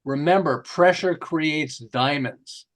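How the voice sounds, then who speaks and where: A middle-aged man, a marketing author, telling lively stories in an interview and acting out the quotes. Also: on the high side, slow. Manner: lively, jokey, acts out quotes with laughs. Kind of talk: animated storytelling interview.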